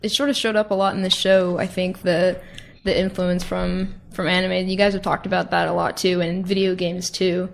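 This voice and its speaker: A woman's voice: fairly low pitch, level tone, normal speed, creaky, slight background noise. A woman hosting a casual interview, upbeat and conversational as she asks her guests questions. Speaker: interview host.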